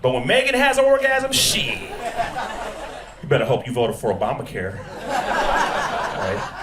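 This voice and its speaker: A male stand-up comedian talking into a stage mic, his pitch rising and falling a lot as he works the crowd and puts on voices for his characters. He takes his time and does not rush. The room rings with echo, and audience laughter runs clearly underneath. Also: wildly swooping pitch, measured pace, recorded from a distance, heavy background noise. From Texas. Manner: crowd work, acts out characters in put-on voices. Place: comedy club stage before a live audience. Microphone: handheld stage mic. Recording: roomy club sound with crowd laughter.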